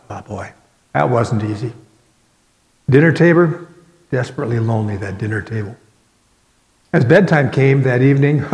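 A man preaching a sermon as pastor, earnest, with dramatic pauses. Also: medium pitch, darkish tone. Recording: echoey hall with long reverb.

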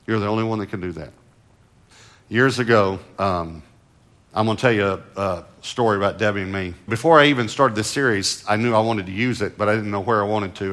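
Middle-aged male pastor, lowish voice, storytelling sermon delivery with strong swings between loud emphasis and quiet asides.

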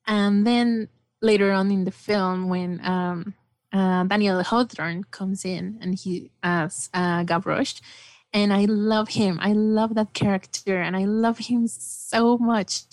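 A woman's voice: mid-range voice, fairly even intonation, takes it slowly, no echo. Enthusiastic woman guest, dry sound. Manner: enthusiastic, rambling with fillers. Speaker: podcast guest. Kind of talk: casual film discussion.

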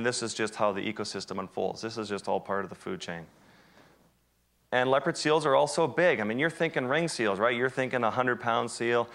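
A wildlife photographer giving an animated, self-deprecating storytelling talk to an audience. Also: male voice, mid-range voice. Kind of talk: storytelling presentation.

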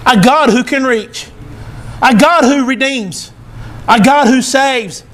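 A male pastor preaching a sermon in church, emphatic and teary, repeating short phrases and building to shouts. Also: very high voice, takes it slowly. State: teary, emotional.

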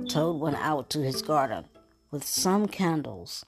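A woman with a low, unhurried voice reads a children's story and preaches informally between passages. She talks in a folksy way and calls the listener "baby", while plucked guitar music plays clearly underneath. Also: big pitch swings. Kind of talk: bedtime story reading and informal sermon.

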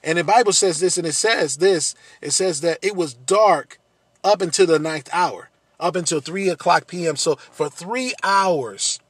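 A man's voice: fairly high pitch, unhurried, slightly rough, no echo. A man preaching a sermon, earnest, repeating phrases and building to emphatic peaks.

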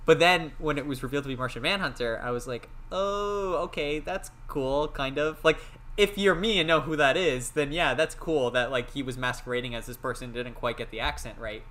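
A young man co-hosts a casual movie podcast, his voice bright and forward. He chats animatedly, sharing trivia and acting out little mock quotes. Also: mid-range voice, quick pace. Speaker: podcast co-host.

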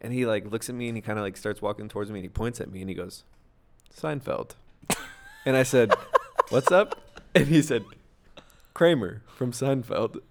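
A man co-hosting a podcast, telling a short story in a relaxed, dry way. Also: lowish voice, fast talker. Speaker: podcast co-host. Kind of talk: casual chat.

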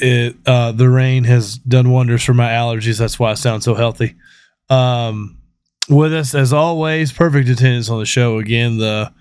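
A man's voice: medium pitch, a little mellow, clear, resonant tone, no room sound, studio quality. Joking man hosting a podcast. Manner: joking, swears freely. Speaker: podcast host. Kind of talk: casual chat.

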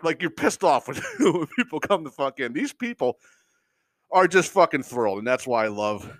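A middle-aged man with a voice on the high side and a normal pace hosts a podcast, with no room sound in the recording. Swearing freely and laughing often, he delivers a casual comedic rant as an animated storyteller.

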